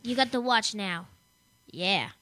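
A woman's voice: mid-range voice, takes it slowly, pushed and bright, no room sound. A young woman co-hosting a casual tech show, rambling and joking and laughing often as she reads out gadget news. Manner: giggly, rambling, jokey, reads then riffs. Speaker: show co-host.

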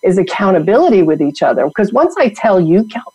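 A woman's voice: medium pitch, big pitch swings, brisk, darkish tone, breathy edge, no room sound, rough recording. A woman from New York, a guest who founded a women's network, talking emphatically in a motivational coaching way. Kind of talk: motivational podcast talk.

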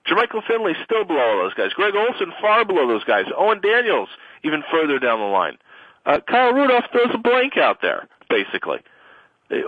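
A tired man hosting a fantasy football chat, firing off quick questions. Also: a little high, no echo, highs cut off. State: tired, yawning. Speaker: podcast host.

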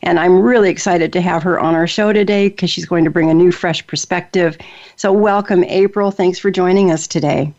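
A woman's voice: on the low side, fairly even intonation, moderate pace, a little mellow. A woman hosting a talk show, speaking in an earnest, personal way with fillers and restarts. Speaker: host. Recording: dull lo-fi sound.

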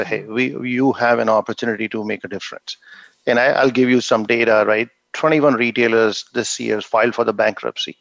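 A man's voice: mid-range voice, vocal fry, a bit bright, dry recording. Man, guest on a call, earnest, stop-start phrasing, dry, dull lo-fi sound. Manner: earnest, repeats words while thinking. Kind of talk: conversational answer. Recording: dull lo-fi audio.

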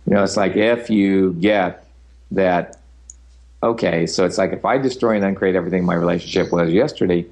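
An older man speaks in a notably deep, low-pitched voice, loose and easygoing. As a guest speaker and facilitator in a relaxed interview, he rambles through his answers and now and then adds a teasing edge.

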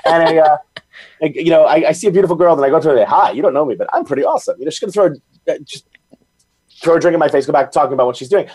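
A man chatting as a podcast guest, telling stories in quick bursts with lots of restarts. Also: fairly high pitch. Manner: rapid, animated storytelling with frequent restarts. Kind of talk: casual chat.

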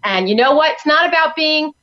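An upbeat woman from New York pitches her parenting program on a talk show with bright energy. Her voice sits a little high and the sound is slightly dull. She talks fast and keeps selling. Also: expressive. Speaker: parenting coach guest. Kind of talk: enthusiastic talk-show chat. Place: studio in Tampa.

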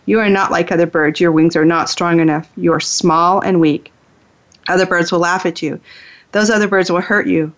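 A woman's voice: lowish voice, steady tone, moderate pace, natural voice. A woman reading the lines of a possessive, controlling male master who belittles a small bird, in a storybook reading. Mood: scornful. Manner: scornful, belittling. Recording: dull lo-fi sound.

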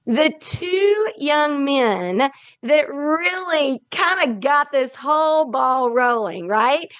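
A woman's voice: high voice, animated, fairly bright tone, dry recording. A woman hosting a faith interview, speaking in an emotional, reflective way. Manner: emotional, reflective, slow and deliberate. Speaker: podcast host.

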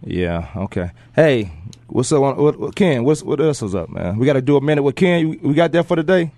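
A man's voice: mid-range voice, sing-song, brisk, warm tone, no room sound. A man in his forties hosting a sports talk radio show from the studio, joking and rambling with lots of fillers. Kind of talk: casual talk radio chat.

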